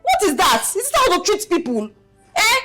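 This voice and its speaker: A bold, quick-tempered young Nigerian village woman scolds and pleads emphatically. Her voice is high and swings widely in pitch. Loud film music plays underneath. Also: wildly swooping pitch, heavily acted. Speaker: outspoken young woman defending the tenant. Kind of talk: Nollywood film acting.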